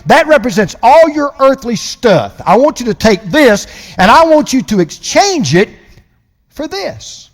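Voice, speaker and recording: Emphatic older preacher in a reverberant hall. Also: male voice, high voice. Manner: emphatic preaching, slowing down to stress key lines. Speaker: pastor. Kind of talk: sermon.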